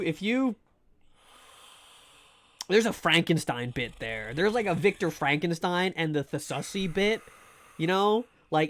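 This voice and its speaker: A man streaming a game live, chatting casually to his viewers in a rambling, joking way and often stumbling over words. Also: fairly high pitch. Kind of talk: casual live gameplay commentary.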